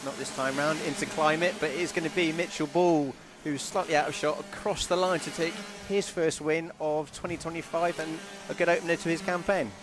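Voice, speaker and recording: A man's voice: fairly high pitch, steady tone, brisk, hardly any pauses, music in the background. A man co-commentating on a karting race live, making brief, easygoing remarks. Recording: trackside noise and engines.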